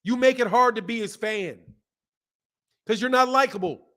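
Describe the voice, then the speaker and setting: A man hosting a boxing live stream, reading viewer comments and ranting in animated, slangy talk. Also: extremely high pitch, normal speed. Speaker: boxing channel host.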